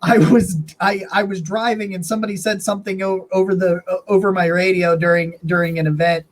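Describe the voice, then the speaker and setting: A man's voice: sits high, flat delivery, a little fast. A man co-hosting a sports podcast, telling stories casually with lots of "like" and laughing as he talks. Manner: chatty, laughs through his stories, many "like" fillers. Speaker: podcast co-host.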